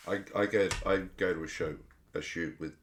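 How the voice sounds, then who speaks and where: Calm irish archery guy as guest, very deep voice, short steady answers. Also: moderate pace, roomy sound, a little hiss or hum. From Ireland. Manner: calm, brief replies and steady advice. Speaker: archery range owner, podcast guest. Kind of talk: casual chat.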